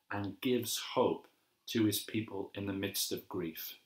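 Gentle man giving a sermon, echoey room. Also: fairly low pitch. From England. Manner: gentle, measured and reflective, with slow emphatic repetitions. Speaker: pastor. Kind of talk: devotional sermon.

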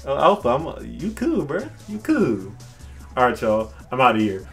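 Slangy excitable guy reacting to music. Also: medium pitch, moderate pace, creaky, slightly rough. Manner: excitable, slangy, laughs a lot. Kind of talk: casual reaction commentary. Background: music track playing.

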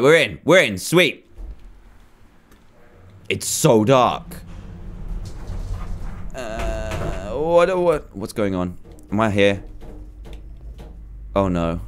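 A man commenting nervously as he plays a horror game, pleading and reacting loudly to scares. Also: lowish voice, a little hiss or hum. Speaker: gamer.

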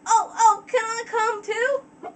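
A woman voicing an eager little farm filly pony girl with a put-on country twang, pleading and excitable. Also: extremely high pitch, unhurried, recorded from a distance, slight background noise, voice pushed up, exaggerated voice.

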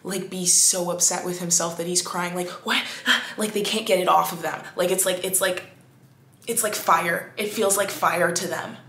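A woman hosting a podcast, talking in a casual, animated monologue full of "like"s and restarts. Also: fairly low pitch, moderate pace, echoey room. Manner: animated, chatty, many "like"s and restarts. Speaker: podcast host.

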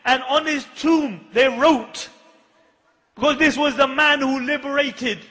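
A man's voice: very high voice, measured pace, bright, forceful tone. A male preacher giving a fiery sermon, impassioned and urgent, full of rhetorical questions. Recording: long hall reverb.

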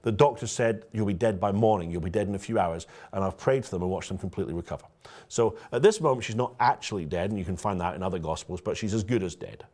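A man's voice: deep voice, fast talker. A man, a pastor, preaching a conversational sermon and telling stories directly to his congregation. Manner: storytelling, lively and direct, addresses the congregation.

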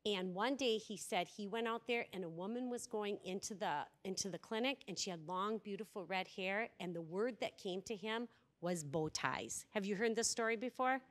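This workshop speaker, a woman with a mid-range voice, talks at a normal speed before a conference room audience. She's an animated storyteller who performs the quoted dialogue of the characters in her stories.

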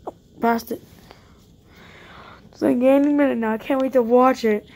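A woman narrates a roleplay game as she plays it, talking straight to her viewers. Her voice sits a little high, and she turns jumpy at once, piling up quick panicked no's. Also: fairly even intonation, creaky, darkish tone. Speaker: YouTuber playing a roleplay game. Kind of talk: live gameplay commentary.

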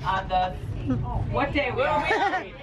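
A woman slowly singing a holiday counting song on a crowded train. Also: a little high, very animated, dull audio. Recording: distant voice in a loud crowd.

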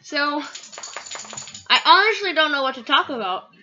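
A woman's voice: high-pitched, animated, normal speed, sharp tone, faint music behind. A teenage girl rambling and giggling through a casual home vlog, self-mocking and chatty. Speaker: vlogger. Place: at home, in and around the kitchen. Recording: dull lo-fi home video with faint noise.

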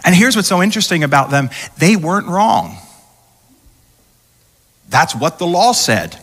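Male pastor mid-sermon, conversational preacher who acts out quoted voices, bright forceful tone, slightly high. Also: very animated, brisk, breathy edge. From United States. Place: large church auditorium. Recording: church hall reverb.

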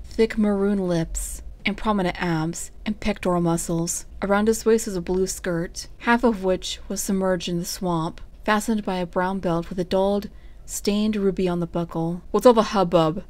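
A woman narrating a fanfiction story aloud in a steady storytelling way. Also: mid-range voice, moderate pace. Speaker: fanfic reader.

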